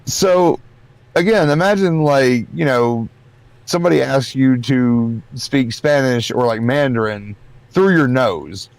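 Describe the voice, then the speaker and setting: A man co-hosting a casual livestream, excitable and quick with crude jokes. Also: mid-range voice, creaky, clean tone, no echo, poor audio. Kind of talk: casual chat.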